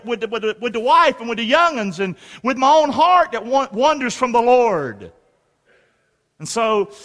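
A man preaching a sermon as pastor, in lively call-and-response with rhetorical questions to the congregation. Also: high voice. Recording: long reverb of a large hall.

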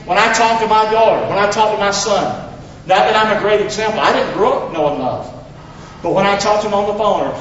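A man preaching a Father's Day sermon in a church, leading call-and-response and swinging between loud exhortation and hushed asides. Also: high voice, lively intonation, a little fast, a little hiss or hum. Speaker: pastor. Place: church sanctuary. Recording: very echoey hall, distant mic, slightly dull.

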